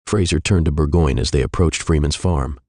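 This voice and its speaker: A man narrating a historical fiction story in a measured, even way. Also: rumbling low, dry recording, studio quality.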